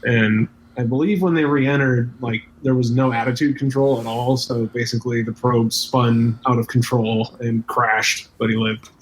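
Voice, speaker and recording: A man co-hosting a podcast, calmly answering questions with dry trivia. His voice sits at a middle pitch. A faint hiss runs under the recording. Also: normal speed, hardly any pauses, rough recording. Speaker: podcast co-host. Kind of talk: casual chat.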